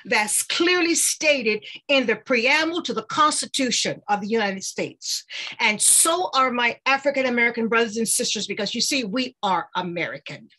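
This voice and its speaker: A woman's voice: on the high side, animated, moderate pace, pushed and bright. Older woman giving a rallying speech. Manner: earnest, rallying, preacher-like cadence. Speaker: guest speaker. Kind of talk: motivational speech on a video call. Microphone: video call.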